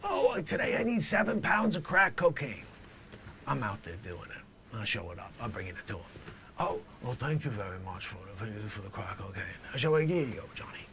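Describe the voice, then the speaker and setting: A man voicing a cocky male drug dealer on the witness stand, talking in a low tough-guy mumble. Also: very animated, fairly quick, bright, forceful tone, a little hiss or hum.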